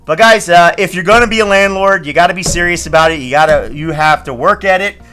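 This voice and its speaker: A man with a high, bright voice tells stories in a rambling, chatty way full of fillers and restarts. Faint music plays behind him. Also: fast. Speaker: landlord and channel host. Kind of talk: casual storytelling vlog.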